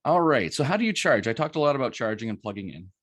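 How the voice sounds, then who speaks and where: A man's voice: mid-range voice, big pitch swings, quick pace, a bit bright, dry recording, clean studio sound. A middle-aged man from Canada giving a casual, chatty presentation full of ums and asides. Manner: chatty, anecdotal, many ums and rights.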